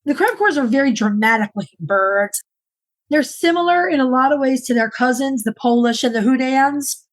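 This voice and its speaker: A woman's voice: high-pitched, lively intonation, a little fast, rough recording. A woman co-hosting a podcast in casual chat, with a chatty, dry sense of humor. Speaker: podcast co-host.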